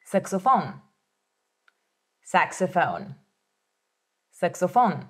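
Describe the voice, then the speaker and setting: A woman hosting a vocabulary lesson, speaking slowly and clearly, prompting listeners to repeat words and encouraging them. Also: fairly low pitch, lively intonation. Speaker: language teacher host. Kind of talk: slow vocabulary drill lesson.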